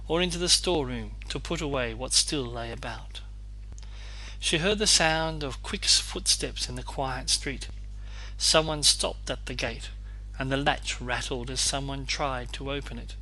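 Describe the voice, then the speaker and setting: A man reading a classic novel aloud as audiobook narrator, in even, measured storytelling. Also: mid-range voice, poor audio.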